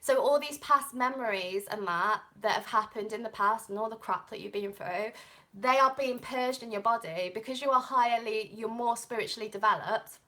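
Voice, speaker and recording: A woman's voice: a little high, moderate pace, sharp tone. A young Englishwoman with an English accent reading tarot on a live stream, chatting and rambling off on tangents. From England. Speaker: tarot reader.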